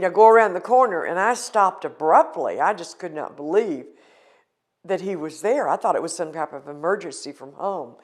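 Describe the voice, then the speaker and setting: Speaking on the low side, an older woman from the United States tells of something painful she lived through, in an interview that is earnest and emotional.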